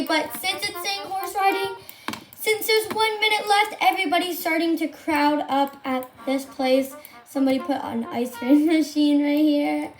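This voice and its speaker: A woman commentating live gameplay to her viewers, gushing and excitable, often squealing and exclaiming. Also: high-pitched. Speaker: game streamer.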